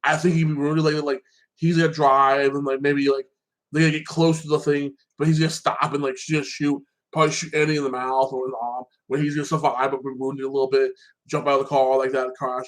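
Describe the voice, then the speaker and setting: A man's voice: mid-range voice, level tone, a little fast, low-quality recording. Rambling man recapping a TV show. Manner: rambling, repeats "like that", swears freely. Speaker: show reviewer. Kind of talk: casual TV episode recap.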